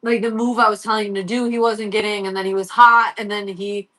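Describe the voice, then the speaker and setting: A woman's voice: mid-range voice, level tone, a little fast, bright, forceful tone. A middle-aged woman telling a long, rambling story on a live stream as a sports parent, swearing freely and quoting her son.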